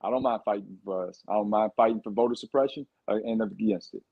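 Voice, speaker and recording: A man's voice: on the low side, quick pace, vocal fry, husky, highs cut off. A man, a candidate for governor, giving fired-up, rambling answers in a podcast interview. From Texas. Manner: fired-up, rambling campaign talk.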